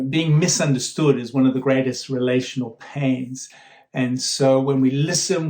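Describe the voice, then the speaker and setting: Conversational male preacher in an echoey room. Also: mid-range voice. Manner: conversational, warm storytelling with frequent fillers and repeated starts. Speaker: guest speaker. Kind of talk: sermon.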